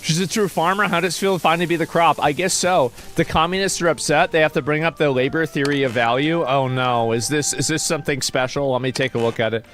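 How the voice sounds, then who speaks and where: A man's voice: fairly high pitch, fairly even intonation, fast talker, hardly any pauses, fairly bright tone. A man casually chatting on a livestream, reading posts aloud and answering chat in a rambling, mocking, profane way. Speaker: streamer.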